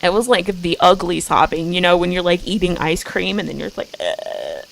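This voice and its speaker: A young woman streaming as a VTuber, chatting casually and self-deprecatingly, giggling often and bursting into excited quoted asides. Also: on the low side, a little fast, gravelly, rough recording. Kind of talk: casual chat.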